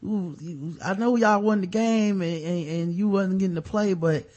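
A man voicing a sweet young girlfriend who consoles her partner in a soft, coaxing way. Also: sits high, moderate pace, dull audio, voice pushed up.

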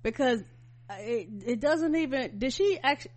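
A woman co-hosting casual reaction commentary, blunt and quick to agree. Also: sits high, animated, darkish tone. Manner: blunt, agreeing, cursing freely. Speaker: reaction co-host.

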